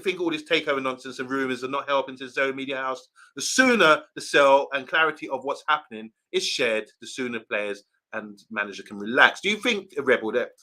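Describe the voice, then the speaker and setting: A man with a very bright, forceful voice hosts a casual live reaction show. He reads viewer comments aloud and gives them shout-outs in an easy, chatty manner. His pitch sits at an ordinary middle level for a man. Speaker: host reading viewer comments. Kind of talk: live watchalong reaction chat.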